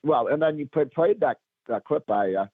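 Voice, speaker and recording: A man with a cold and a raspy voice, a guest on a radio talk show, speaking emphatically and pushing up to his key points. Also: on the high side, expressive, normal speed, no echo. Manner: emphatic, rising to punch lines. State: hoarse from a cold. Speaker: guest commentator. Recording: phone line.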